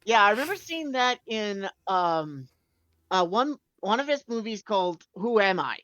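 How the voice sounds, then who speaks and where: A woman co-host riffing a film in casual commentary, reacting loudly and swearing at the screen. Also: medium pitch, very animated, normal speed, no room sound. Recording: slightly dull lo-fi mic.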